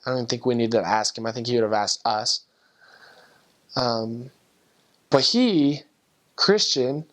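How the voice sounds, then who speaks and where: A man's voice: mid-range voice, fairly bright tone. A young man, a returned missionary, earnestly telling a personal story with heartfelt emotion and frequent restarts.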